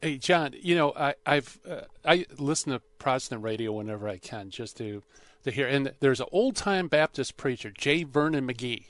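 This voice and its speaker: A man's voice: mid-range voice, lively intonation, moderate pace, fairly bright tone, no room sound. A man co-hosting a radio talk show in a casual, agreeable, conversational way.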